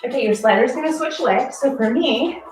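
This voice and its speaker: A woman's voice: high-pitched, lively intonation, fairly quick. Breathless woman counting barre reps. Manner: counts reps aloud with short encouraging cues. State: out of breath from exercising. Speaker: barre fitness instructor. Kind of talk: guided workout class cueing. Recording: echoey room, distant mic, faint background music.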